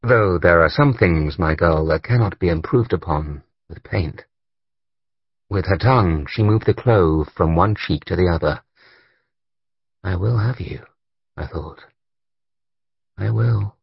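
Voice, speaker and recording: A man narrating an audiobook in the first person, with a husky voice and an expressive delivery. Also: deep voice, unhurried, long pauses, dry recording, highs cut off.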